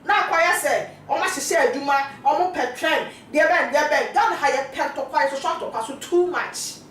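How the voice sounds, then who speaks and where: A woman with a high voice talks loosely and rambles, repeating words as she goes. She sounds distant from the microphone, and the room rings heavily around her. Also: moderate pace, fairly bright tone, slight background noise. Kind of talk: casual conversation. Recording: very echoey room, voice from off-mic.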